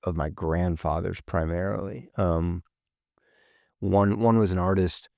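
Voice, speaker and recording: Podcast cohost guy, gravelly lowish voice, dry mic, rambles a lot. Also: steady tone, a little slow, darkish tone, no room sound. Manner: rambling, many fillers and restarts. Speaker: podcast co-host. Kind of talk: casual chat.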